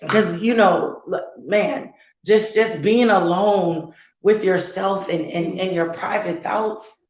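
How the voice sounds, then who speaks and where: A woman's voice: lowish voice, slow, darkish tone, roomy sound, muffled recording. A woman co-hosting a casual heart-to-heart talk as a mother, earnest and growing fervent and preachy, repeating words for emphasis. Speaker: co-host, mother.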